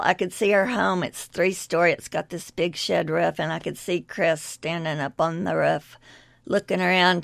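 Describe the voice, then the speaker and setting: Very creaky-voiced woman. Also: fairly low pitch, no echo. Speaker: wildfire survivor. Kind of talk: recorded oral history interview.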